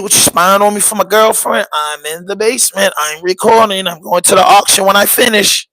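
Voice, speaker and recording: A man's voice: high voice, brisk, bright, forceful tone, no echo. A man with a Baltimore accent hosting a podcast livestream from his basement, ranting casually, cussing and begging viewers for likes. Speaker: podcast host.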